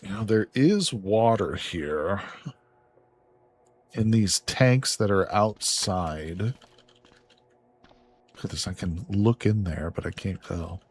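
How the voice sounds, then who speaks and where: A man streaming a survival game live, reacting excitedly with swearing and laughter as he plays. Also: low voice, takes it slowly, pauses often, husky. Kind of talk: live gameplay commentary.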